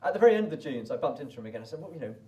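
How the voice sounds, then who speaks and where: Chatty British man, quick and rambling. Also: on the high side, very animated, warm tone, recorded from a distance. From Britain. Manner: chatty, rambling with many restarts. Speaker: desert race runner. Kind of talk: casual spoken recollection.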